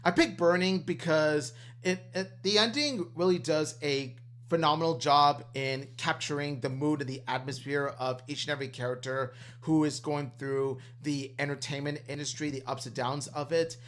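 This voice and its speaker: A man's voice: a little high, steady tone, normal speed, fairly bright tone. A man co-hosting a podcast in casual chat, earnest and enthusiastic, often repeating himself. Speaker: podcast co-host.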